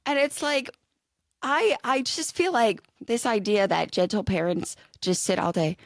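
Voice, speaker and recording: A woman in her thirties chats casually as a podcast co-host with a slightly high voice. She pokes fun at herself and acts out her own lines. The recording is dry and close-miked. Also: a little slow, dry recording. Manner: self-deprecating, quotes herself dramatically. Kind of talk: casual chat.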